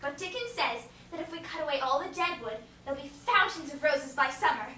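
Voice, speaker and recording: Earnest spirited young girl, played by a woman; high, recorded far off with hiss. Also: animated, brisk, bright, forceful tone. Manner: earnest, eager. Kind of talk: stage musical acting. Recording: distant echoey stage recording, noisy.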